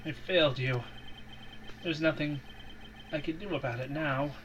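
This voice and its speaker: A man's voice: on the high side, normal speed, a bit bright, dull audio, a little hiss or hum, close to an everyday voice. A man voicing a young, earnest rookie male defense lawyer with a dramatic delivery.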